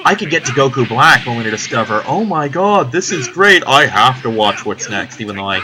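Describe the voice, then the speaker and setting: A man's voice: fairly low pitch, low-quality recording. A young man chatting casually while playing a video game, rambling, swearing now and then. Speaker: let's play host. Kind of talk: casual gaming commentary.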